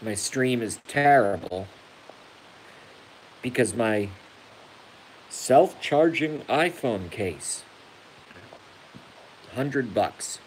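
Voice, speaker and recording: A man's voice: medium pitch, lively intonation, extremely slow, pauses often, slight background noise, poor audio. A man hosting a rambling live stream, crude and self-mocking, laughing at his own jokes while hurt and unable to laugh without pain. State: injured, hurts when he laughs. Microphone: phone.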